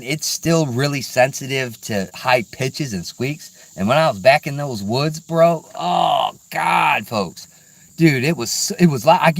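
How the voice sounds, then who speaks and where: A man's voice: on the high side, no echo. A middle-aged man vlogging casually outdoors, rambling and laid-back, peppering his talk with "dude" and "man". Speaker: hunting vlogger. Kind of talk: casual outdoor vlog chat. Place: outdoors in woods.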